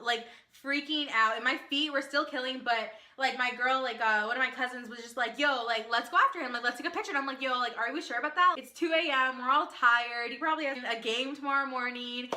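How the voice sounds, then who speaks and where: A young woman telling an excited storytime to her vlog viewers, talking fast with lots of "like" and acted-out quotes. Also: high-pitched. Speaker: vlogger. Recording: echoey room.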